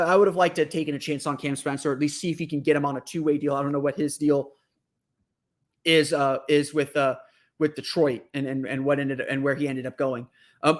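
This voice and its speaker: Casting: male podcast host, higher-pitched voice, off-the-cuff analysis full of restarts. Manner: thinking aloud, many restarts and fillers.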